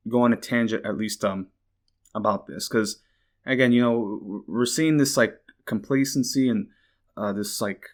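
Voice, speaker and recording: A man hosting a podcast, giving casual political commentary in a rambling, indignant way, swearing freely and filling his talk with "like". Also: mid-range voice. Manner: indignant, bursts out in exclaims. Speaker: podcast host.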